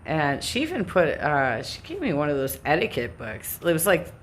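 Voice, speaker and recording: A woman's voice: low-pitched, huge pitch swings, normal speed, a little hiss or hum. A woman with a Californian accent talking to her live stream audience in a rambling, self-interrupting way, laughing now and then. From Southern California. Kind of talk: casual monologue.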